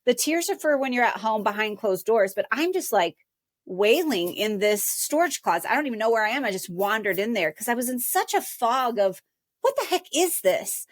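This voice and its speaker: Earnest higher-voiced woman, dry sound. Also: animated, fairly quick, no echo. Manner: earnest, emotional, acts out her own past thoughts. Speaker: podcast guest, author. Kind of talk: conversational interview storytelling.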